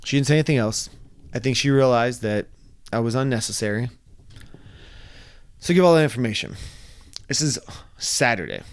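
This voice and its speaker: A man's voice: medium pitch, expressive, normal speed, long pauses, clean tone, dry recording. Rambling man telling a story, dry sound. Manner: rambling, repeats words, acts out quotes. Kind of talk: casual storytelling.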